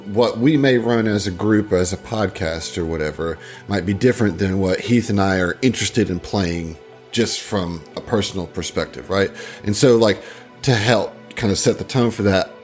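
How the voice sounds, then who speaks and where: Low-pitched male co-host, relaxed advice-giver who hedges a lot, soft music in the background. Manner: easygoing advice-giving, hedges with "I mean" and "like". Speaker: podcast co-host. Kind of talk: casual podcast chat.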